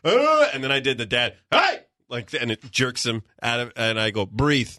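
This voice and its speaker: A man on a podcast, telling comedic stories about his kids and acting out his family members in a high voice. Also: a little fast. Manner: animated storytelling, acts out family members in a high voice. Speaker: podcast co-host. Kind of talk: casual comedic chat.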